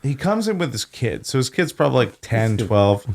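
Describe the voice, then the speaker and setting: A man's voice: medium pitch, moderate pace, vocal fry. A young man co-hosting a podcast, telling a work story in casual chat and acting out the people in it. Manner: animated storytelling, acts out customers in a raised voice. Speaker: podcast co-host.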